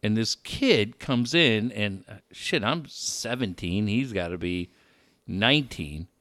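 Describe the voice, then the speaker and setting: A man's voice: on the low side, slow, dry recording. A man telling stories in a casual chat, swearing often and acting out the people he quotes. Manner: profane, animated, acts out quoted people.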